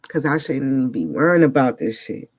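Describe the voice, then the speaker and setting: A man talking earnestly in a personal vlog monologue, searching for words in short halting phrases and sounding emotionally unsettled. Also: medium pitch, sing-song, slightly rough. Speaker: vlogger.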